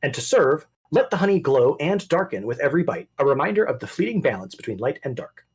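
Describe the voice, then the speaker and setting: GM: husky man, lively delivery, rambling narration of an online tabletop game. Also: fairly high pitch, fast. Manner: animated, rambling, self-correcting. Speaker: game master.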